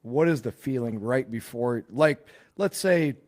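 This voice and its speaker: A man's voice: medium pitch, a little slow, darkish tone. A man hosting a podcast, asking questions with an enthusiastic, affirming manner. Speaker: podcast host. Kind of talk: casual interview.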